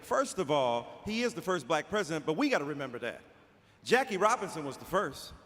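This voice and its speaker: A man from Detroit giving an impassioned speech as a panelist, with a preacher-like cadence, repeating phrases and shouting. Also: a little high, sing-song, a little fast. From Detroit, Michigan. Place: large auditorium before live audience. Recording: echoey hall with faint noise.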